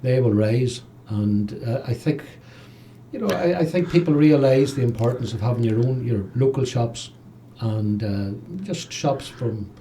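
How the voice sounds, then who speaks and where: A man with a Northern Irish accent hosting a local radio chat. He is lively, chatty and quick to laugh. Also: medium pitch, a little hiss or hum. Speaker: radio host. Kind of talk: casual chat.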